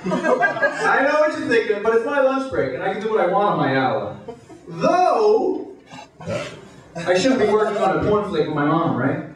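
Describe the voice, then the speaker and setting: A male stand-up comedian telling crude deadpan one-liners, with filler "uh"s, to a club audience. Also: sits high, moderate pace, long pauses. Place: hotel comedy club stage, indoors. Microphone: handheld stage mic. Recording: echoey club from far off, crowd laughing. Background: audience laughter.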